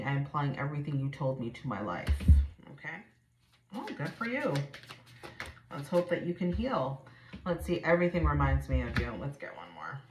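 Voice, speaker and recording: A woman doing a casual, chatty tarot reading to camera, blunt and swearing freely. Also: deep voice. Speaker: tarot reader. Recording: echoey room with faint noise.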